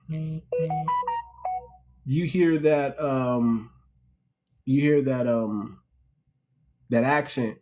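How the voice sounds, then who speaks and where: A man's voice: medium pitch, mellow. A middle-aged American man hosting a casual livestream, talking animatedly to his audience, repeating himself and calling them family. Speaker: host.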